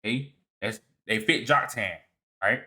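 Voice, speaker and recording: A man's voice: medium pitch, unhurried, pushed and bright. Man, slide lecture, casual, repeats words, restarts, emphatic rises, muttered asides, checks in with listeners. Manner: repeats and restarts words, asks "all right?" often. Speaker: presenter of a video series. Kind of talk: lecture walking through slides.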